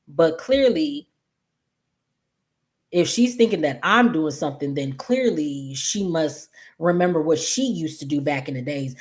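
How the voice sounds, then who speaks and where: Sassy low-voiced woman recapping soaps. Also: moderate pace. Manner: chatty, animated, sassy asides to viewers. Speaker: soap opera recap host. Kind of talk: casual episode recap.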